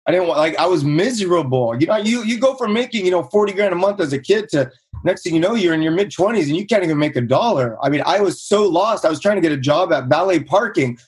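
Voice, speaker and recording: Husky guy in his 30s from socal, fired-up storytelling, bumps his voice up for quotes. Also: quick pace. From Southern California. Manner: energetic storyteller, acts out quotes in higher voice. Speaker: guest, real estate investor. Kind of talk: casual storytelling interview.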